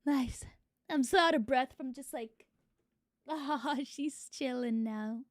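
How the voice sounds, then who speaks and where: A woman's voice: high voice, takes it slowly, no echo, clean studio sound. A young adult woman streamer chatting casually to her viewers, swearing freely. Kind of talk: casual live-stream chat.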